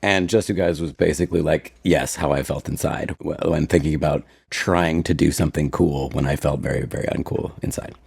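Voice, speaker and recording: A man in his forties co-hosting a podcast, chatting in an animated, easily amused way, at times eating as he talks. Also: very deep voice, brisk, vocal fry, hardly any pauses, slightly rough, dry recording, clean studio sound. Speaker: podcast co-host. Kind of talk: casual chat.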